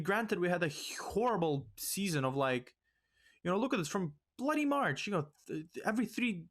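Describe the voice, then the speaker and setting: A fairly high-voiced young man ranting over a football management game. His talk is exasperated, and it jumps up in pitch and volume whenever a mistake sets him off. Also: fairly bright tone. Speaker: let's play host.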